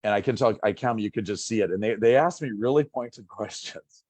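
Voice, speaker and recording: Older male doctor, low-pitched, dry, animated guest telling his story. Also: brisk, no room sound. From Minnesota. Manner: animated, acts out past conversations. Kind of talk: casual interview storytelling.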